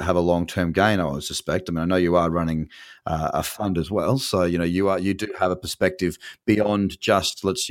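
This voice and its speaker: A man's voice: deep voice, no echo. Chatty Australian man, dry close sound. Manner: chatty, rambling questions with many restarts. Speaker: podcast host. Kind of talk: casual interview.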